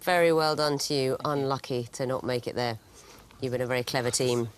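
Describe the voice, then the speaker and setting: A woman's voice: a bass voice, fairly even intonation, brisk, slight background noise. A woman hosting a quiz show, reading scripted links and giving verdicts with a dry wit.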